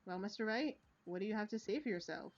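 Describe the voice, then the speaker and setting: A woman's voice: medium pitch, fast talker, lightly acted. A woman voicing a smug, menacing older male police chief who gloats and laughs heartily, read aloud from a video game. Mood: gloating. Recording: lo-fi recording.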